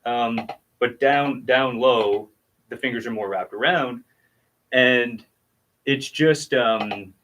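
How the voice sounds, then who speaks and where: A man's voice: medium pitch, slow pace, fairly bright tone, a little hiss or hum. A man giving a casual drum lesson on a livestream, patiently explaining technique and counting out strokes as he demonstrates. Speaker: drum teacher.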